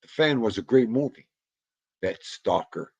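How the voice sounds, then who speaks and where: A man's voice: fairly low pitch, lively intonation, unhurried, gravelly, slightly rough, no room sound. A man hosting a casual livestream, rambling about old movies, muttering asides to himself and greeting chat. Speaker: livestream host.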